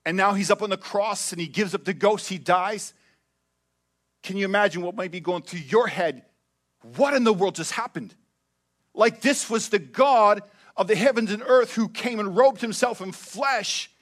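Male pastor, high voice, preaching with big swings from emphatic to hushed. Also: normal speed. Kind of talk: sermon.

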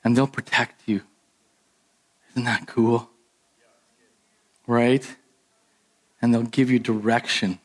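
A man preaching a sermon as pastor, animated and emphatic, jumping up in pitch on his key points. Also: slow pace, pauses often.

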